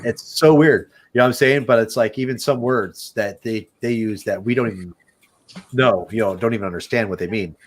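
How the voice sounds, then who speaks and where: Midwestern American male podcast host, lowish voice, casual rambling talker who swears. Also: fairly quick. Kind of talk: casual chat.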